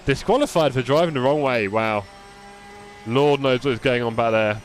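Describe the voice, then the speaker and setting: A man's voice: medium pitch, normal speed, a little hiss or hum. A young man live-streaming a racing game, chatting casually and answering his viewers by name with self-deprecating humor.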